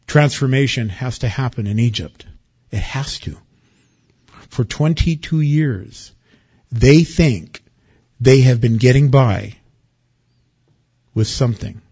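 A man preaching a sermon with lively swings from loud excitement to quiet warning. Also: medium pitch, slow, pauses often, slightly rough, lo-fi sound. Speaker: pastor.

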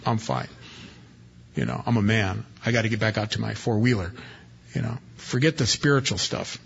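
A man's voice: lowish voice, normal speed, creaky, a bit bright, slightly rough, voice pushed down, exaggerated voice. A man voicing a careless, earthy young man who brushes off spiritual things in an offhand way. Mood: dismissive. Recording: dull lo-fi recording.

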